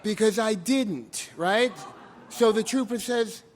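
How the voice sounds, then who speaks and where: A man in his twenties telling a true story at a live story slam, animated and self-mocking, acting out other voices. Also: high-pitched, slow pace. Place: stage in a hall with an audience. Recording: live hall recording with reverb and faint noise.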